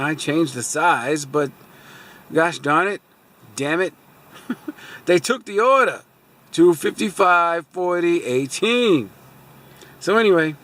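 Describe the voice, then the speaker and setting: A man's voice: a little high, slow, a bit bright. A man telling a long, rambling story about a car dealership mix-up in a casual vlog, sitting in a parked car and airing his frustration. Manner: rambling, repeats fillers like "so anyway"; aggrieved, venting frustration. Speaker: car vlogger.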